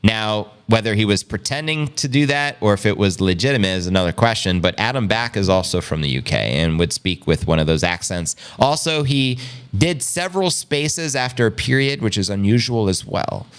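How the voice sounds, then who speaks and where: A man with a fairly low voice hosts a relaxed livestream chat, reading out viewer comments and bantering back. His delivery is playful and joking, and his pitch swings widely as he talks. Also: normal speed, clear, resonant tone. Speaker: host.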